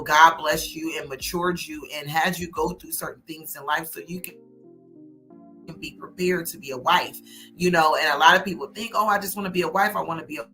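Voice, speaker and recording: A woman hosts a casual talk show and gives encouraging, sermon-like advice about faith and goals. Her voice is bright and forceful, with faint music playing behind her. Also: low voice. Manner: preachy, motivational, speaks of God and manifesting. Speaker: host.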